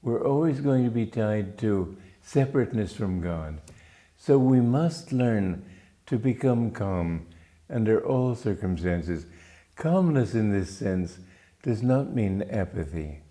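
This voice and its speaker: A man from Romania, a spiritual teacher giving a gentle, unhurried reflective talk with small restarts. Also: lowish voice, expressive.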